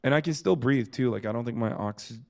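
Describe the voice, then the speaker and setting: A man's voice: mid-range voice, fast, vocal fry, a little mellow. A man streaming live, chatting casually and crudely while tired and sick with covid. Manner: crude, swears a lot, jokey. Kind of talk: casual chat.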